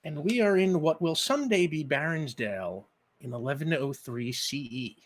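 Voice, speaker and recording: A man hosting and narrating as game master of a live-streamed tabletop game, energetic, with frequent ums and uhs. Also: on the high side, normal speed.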